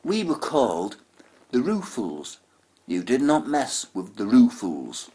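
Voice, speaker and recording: A man's voice: mid-range voice, wildly swooping pitch, slow, mellow. A man telling a profane comic story, with chatty asides and laughter. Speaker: comedian.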